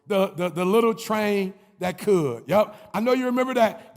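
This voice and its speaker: A man giving a fiery motivational commencement speech, preacher-like with rhythmic repetition, call-and-response and shouted, half-sung lines. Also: sits high, long reverb tail. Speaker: motivational speaker.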